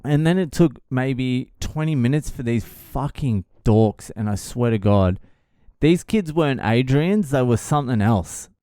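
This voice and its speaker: A man's voice: mid-range voice, lively intonation, unhurried, mellow, clean tone, no echo, clean studio sound. Sardonic, foul-mouthed man. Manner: profane, sardonic, exasperated. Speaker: vlogger. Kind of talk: casual storytelling monologue.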